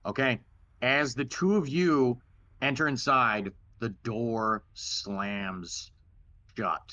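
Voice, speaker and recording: A man narrating a tabletop game as dungeon master, relaxed and halting, with restarts. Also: mid-range voice.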